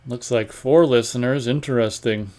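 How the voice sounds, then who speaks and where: A man of middling pitch hosts a live stream, reading viewer comments aloud and riffing on them. He talks in a loose, rambling, offhand way and keeps stopping to clear his throat. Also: steady tone, unhurried. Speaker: host of a live online radio stream.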